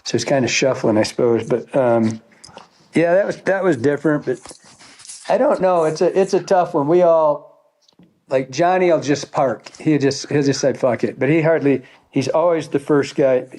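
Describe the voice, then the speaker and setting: A man tells stories in a rambling way, full of swearing, and laughs as he goes. His voice sits a little higher than most men's. He talks like an old fishing guide spinning tales. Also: normal speed, a little mellow. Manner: rambling, profane, laughing storyteller. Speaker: fly fishing guide, podcast guest. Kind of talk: casual storytelling.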